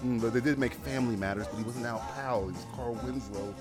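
A man's voice: mid-range voice, quick pace, loud music behind the voice. A man hosting a podcast, chatting casually with lots of swearing and laughter. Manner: profane, laughing, animated. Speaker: podcast host. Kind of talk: casual chat.

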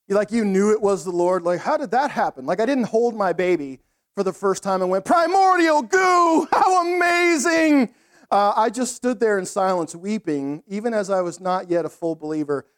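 A middle-aged man preaching a sermon in a conversational, animated storytelling way, with laughs. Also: high voice. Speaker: pastor.

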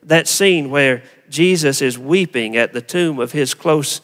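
Pastor preaching in a reverberant hall. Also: male voice, on the high side, unhurried, a bit bright. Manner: conversational preacher asking the congregation rhetorical questions. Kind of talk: sermon.

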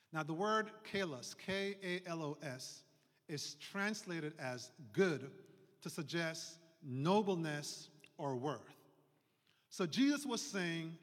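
A man's voice: fairly high pitch, fairly bright tone. Preaching man in a reverberant hall. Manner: explanatory preaching, slows for emphasis, occasional fillers. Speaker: pastor. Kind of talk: sermon.

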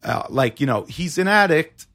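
A man's voice: fairly high pitch, lively intonation, normal speed, fairly bright tone. A man co-hosting a podcast in casual chat, eagerly reacting and chiming in. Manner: eager, reacts with laughs and "yeah".

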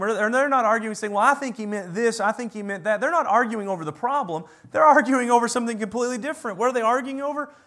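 A man delivering a sermon in a fairly high voice. He talks in an animated way, rising to loud, emphatic lines and then dropping to quiet ones. Now and then he slips in a sarcastic aside. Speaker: preacher.

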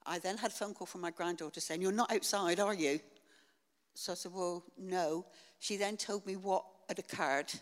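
Older woman, low-pitched, earnest halting testimony, church hall echo. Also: fairly even intonation. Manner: earnest, halting storytelling with many ums. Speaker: church member sharing testimony. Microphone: shared handheld mic.

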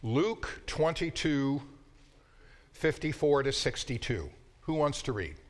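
A man co-teaching a Bible class, speaking in a relaxed, conversational way and telling stories from his seminary days. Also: on the high side, slow.

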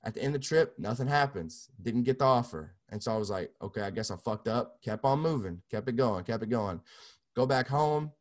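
A man's voice: mid-range voice, lively intonation, brisk. A young man, a music producer, telling his story casually in an interview, loose and profane with many restarts.

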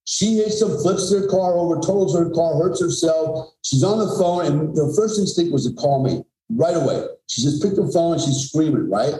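A middle-aged man telling a story with blunt, profane emphasis. His voice sits a little high for a man but has a dark, mellow tone. The room around him adds a roomy echo. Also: animated, normal speed, few pauses. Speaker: podcast guest, former special forces soldier. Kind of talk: conversational storytelling.

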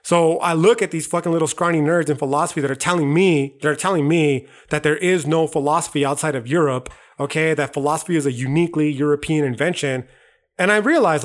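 A man's voice: fairly high pitch, brisk. A young man from the United States hosting a podcast, delivering a heated, profane monologue and calling the listener "dog". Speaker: podcast host.

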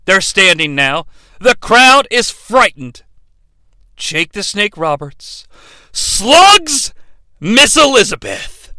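Excitable male comedic podcast host: bright, smooth voice, swearing, loud bursts and quick asides. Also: high-pitched, no echo. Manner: excitable, swings between loud outbursts and fast asides, swears freely. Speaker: podcast host reviewing wrestling. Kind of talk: comedic recap narration.

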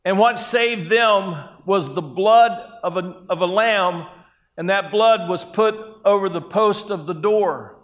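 Male pastor, unhurried sermon delivery, higher-pitched voice, conversational with acted quotes.

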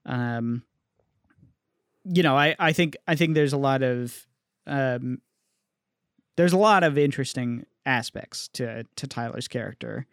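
A man's voice: medium pitch, measured pace, long pauses, fairly bright tone, clear, resonant tone, no room sound, studio quality. A man in casual chat, thinking aloud in a hesitant, reflective way. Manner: thoughtful, hesitant, many fillers.

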